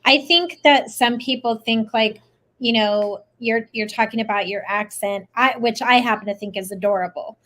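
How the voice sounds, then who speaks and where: A woman's voice: on the high side, moderate pace, a bit bright. A woman hosting an interview, affirming and encouraging her guest. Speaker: host. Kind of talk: casual interview.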